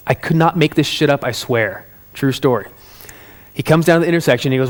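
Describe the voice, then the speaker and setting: A man giving a motivational talk, telling a story in an animated, conversational way and speaking directly to his listeners. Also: fairly high pitch, brisk.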